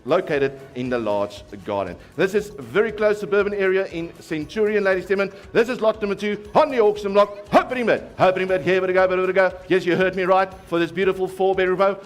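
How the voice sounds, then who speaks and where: A man with a South African accent working as an auctioneer, calling bids in a rapid chant and teasing bidders in the room. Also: high voice. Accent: South African English. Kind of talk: live property auction calling.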